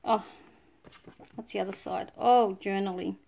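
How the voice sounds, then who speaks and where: A woman's voice: medium pitch, steady tone, unhurried, dark tone. A woman with an Australian accent, chatting casually as she unboxes scrapbooking supplies, full of delighted exclamations. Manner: gushing, breathy exclamations of delight. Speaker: scrapbooking vlogger.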